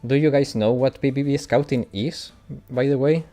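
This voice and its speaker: A man's voice: medium pitch, fairly even intonation, moderate pace, mellow, faint music behind. A man from Italy, whose first language is Italian, speaks with an Italian accent and chats casually with viewers while streaming a game, often laughing. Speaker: gaming streamer. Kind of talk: casual live-stream chat.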